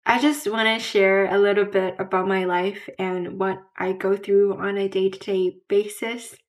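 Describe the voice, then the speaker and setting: A woman talking candidly to camera in a casual vlog. She pauses to search for words, repeats herself and restarts often, and fills the gaps with "like". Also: medium pitch, little pitch movement. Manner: searches for words mid-sentence. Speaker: vlogger.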